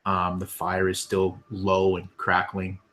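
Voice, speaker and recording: A man's voice: low-pitched, monotone, slow pace, pushed and bright. A man narrating scenes as game master of a tabletop game, with many ums and restarts.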